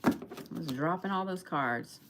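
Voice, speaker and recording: Lady doing a live tarot reading, kinda low voice, chatty and emphatic, cusses now and then. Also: animated, measured pace, heavy background noise. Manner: chatty, emphatic, swears casually, talks to viewers. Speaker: tarot reader.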